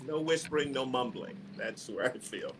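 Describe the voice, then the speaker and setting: A man actor on a panel, talking in an animated, exasperated, comic way over a video call. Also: medium pitch, normal speed, very noisy. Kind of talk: casual panel chat.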